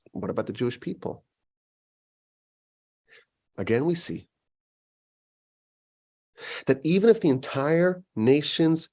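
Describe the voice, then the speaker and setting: A man giving a Torah lecture as a rabbi, animated and acting out quoted voices. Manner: animated, acts out quoted voices with big pitch jumps.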